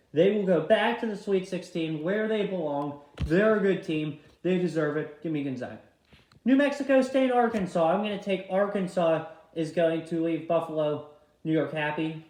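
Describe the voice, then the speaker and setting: A young man casually talking through his tournament bracket picks, chatty and quick, often apologizing for misclicks on his tablet. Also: fairly high pitch. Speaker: vlogger filling out a tournament bracket. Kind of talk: casual bracket-pick commentary. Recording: echoey room sound.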